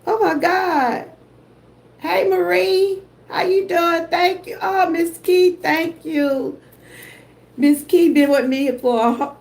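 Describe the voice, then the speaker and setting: A woman with a Southern US accent hosting a casual livestream, emotional and effusive as she greets the people in her chat. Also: high voice. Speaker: host.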